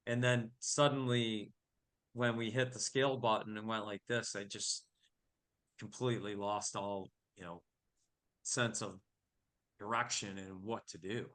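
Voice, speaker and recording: Middle-aged male guest, bright and fairly low, lively storyteller who acts out dialogue. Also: unhurried, long pauses. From New York. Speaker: family business owner, podcast guest. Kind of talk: casual storytelling.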